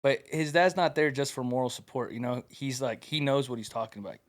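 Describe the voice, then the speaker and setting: A man from a martial arts team, talking in a relaxed, rambling podcast chat with many fillers. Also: medium pitch, fairly quick. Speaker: MMA team member.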